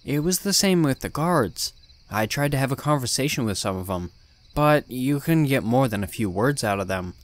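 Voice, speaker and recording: A man's voice: medium pitch, animated, normal speed. A man reading a first-person horror story in a blunt, swearing, tough-guy voice. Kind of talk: scripted horror narration.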